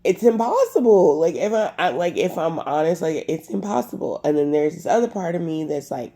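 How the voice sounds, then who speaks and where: A woman talking to camera in a personal confessional vlog, halting with lots of fillers and restarts, upset and irritated, a bit congested. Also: low-pitched, vocal fry, warm tone. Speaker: vlogger.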